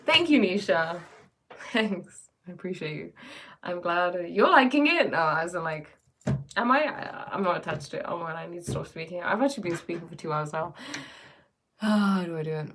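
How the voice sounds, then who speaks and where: A woman's voice: lowish voice, lively intonation, normal speed, fairly bright tone. A woman hosting a casual livestream, musing reflectively and answering viewers' comments, often breaking off mid-sentence. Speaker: livestream host.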